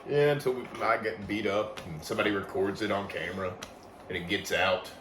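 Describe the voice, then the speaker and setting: A man's voice: on the low side, steady tone, fairly quick, a bit bright. A man co-hosting a podcast, cracking jokes and interjecting with quips in casual banter. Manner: jokey, interjects with quips and laughs. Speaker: podcast co-host. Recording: echoey room, faint noise.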